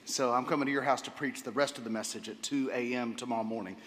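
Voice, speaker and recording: A man pastor preaching a sermon to his congregation, enthusiastic, often repeating words and pausing with fillers. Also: medium pitch, steady tone, fairly bright tone. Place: church sanctuary. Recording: long hall reverb.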